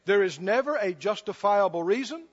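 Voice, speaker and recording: A man's voice: sits high, expressive, normal speed, breathy edge, big-room sound, highs cut off. A man preaching a sermon, emphatic and repetitive, often laughing between points.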